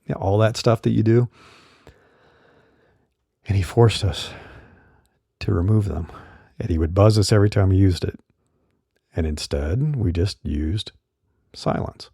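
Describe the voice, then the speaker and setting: A middle-aged man hosting a podcast, talking casually and relaxed, with fillers, on a studio condenser mic. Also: low-pitched, a little slow, long pauses, breathy edge, no echo. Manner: relaxed, chatty, with fillers and laughs. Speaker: podcast host. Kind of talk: casual solo podcast talk.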